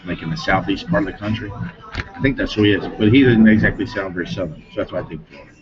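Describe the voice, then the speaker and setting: Middle-aged man, low voice, rambling interview anecdotes with frequent chuckles. Dull lo-fi recording, music clearly behind him. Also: quick pace. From Denver, Colorado. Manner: rambling, chuckles often, trails off mid-sentence. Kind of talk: rambling casual storytelling.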